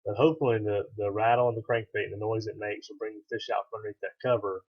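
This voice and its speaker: Male host voice-over, calm and instructive, low husky voice, dull lo-fi sound. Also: quick pace. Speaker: fishing channel host. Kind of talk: explanatory voice-over.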